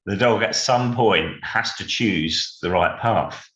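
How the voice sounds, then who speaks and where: Male dog trainer, very low voice, measured explainer; echoey room. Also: fairly bright tone. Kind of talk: casual podcast chat.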